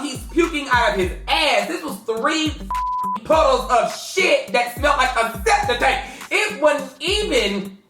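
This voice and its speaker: A woman with a Southern American accent tells a storytime in an animated, profane way, jumping up high to act out what she said. She sounds a little far from the mic in an echoey room, with faint music underneath. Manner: animated, swears a lot, acts out her own lines in a high loud voice. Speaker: vlogger telling a story.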